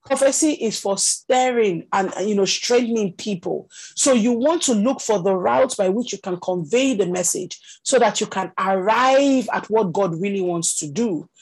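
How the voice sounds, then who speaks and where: A woman's voice: mid-range voice, moderate pace, hardly any pauses, a little mellow, slightly rough, poor audio. A woman teaching a prophetic ministry class over a video call, talking conversationally with many "you know" fillers. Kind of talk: teaching session.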